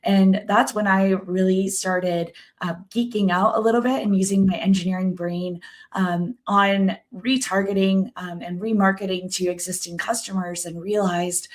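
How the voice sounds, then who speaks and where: A middle-aged woman, hoarse and raspy from a cold, explaining her work as a guest consultant in a webinar conversation with many ums. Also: medium pitch, flat delivery, normal speed.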